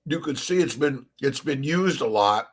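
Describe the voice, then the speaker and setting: A man's voice: mid-range voice, lively intonation, normal speed, husky. A middle-aged man from Southern California hosting a casual morning livestream, upbeat and rambling, greeting viewers by name. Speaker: livestream host.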